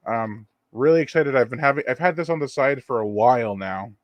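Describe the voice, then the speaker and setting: A man's voice: medium pitch, a little fast, dry recording, dull audio. A man hosting his own channel, chatting casually through an unboxing and reading viewer comments on a live stream. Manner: rambling and relaxed, reads viewer comments aloud. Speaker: channel host.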